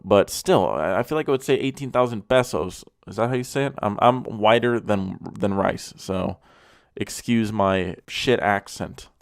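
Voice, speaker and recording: A man's voice: on the low side, normal speed, gravelly, clean tone, dry recording, clean studio sound. A young man hosting a car review, talking with blunt, profane, mocking sarcasm. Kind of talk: profane comedic car commentary.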